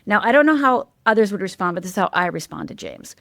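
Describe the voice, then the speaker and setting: A woman's voice: mid-range voice, expressive, fast, creaky, fairly bright tone, no room sound, clean studio sound. Candid, emphatic middle-aged woman storyteller. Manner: candid, emphatic, checks in with "right?". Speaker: guest, life coach. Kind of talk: personal storytelling in a podcast interview.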